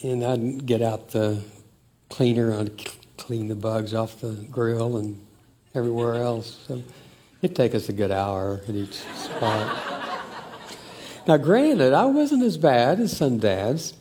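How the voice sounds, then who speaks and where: An older man talks through family memories in an unhurried, reflective way. His voice is mellow and dark, and he takes his time. He sounds moved as he tells the stories. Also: mid-range voice, expressive. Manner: slow, warm, emotional storytelling.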